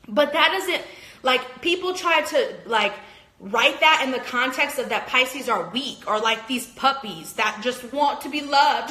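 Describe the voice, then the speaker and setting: Woman astrologer, phone livestream rant: high and bright, emphatic, swearing, echoey room. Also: expressive, unhurried. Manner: passionate, emphatic, swears, heavy use of "like".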